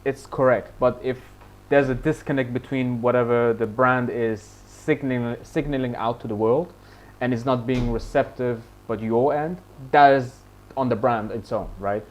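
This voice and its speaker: A man hosting a casual online audio chat, emphatic and quick to laugh. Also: medium pitch, fairly even intonation. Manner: emphatic, laughs often, calls people "man". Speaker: host of an online audio space.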